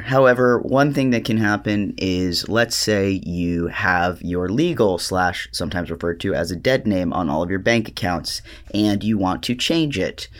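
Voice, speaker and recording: A trans podcast co-host talking casually, hesitant and stammery with lots of fillers. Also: male voice, low-pitched. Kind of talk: casual chat and monologue.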